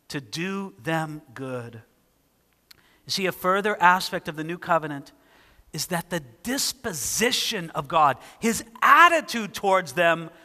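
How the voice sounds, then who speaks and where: A man preaching with a high, bright voice that carries a long hall reverb. He reads scripture aloud with lively emphasis and presses each point home. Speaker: pastor. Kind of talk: sermon.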